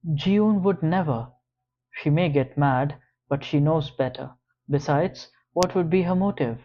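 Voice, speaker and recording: A man puts on a young college woman whose voice climbs well above his usual register, strained and urgent as she defends herself. Her lines come loud and pressing. The audio sounds slightly muffled. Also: on the high side, unhurried, slight background noise, pitched above the performer's own voice, natural voice. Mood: pleading.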